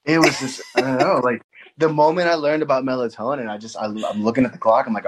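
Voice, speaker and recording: A man in his thirties chatting casually about his young kids, laid-back and quick to laugh. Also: mid-range voice, fairly even intonation, slight background noise. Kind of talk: casual chat.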